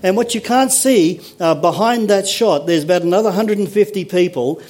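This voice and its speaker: A man's voice: sits high, normal speed, a little mellow. A man preaching a sermon as a pastor, earnest and emphatic, often stopping to ask the congregation rhetorical questions.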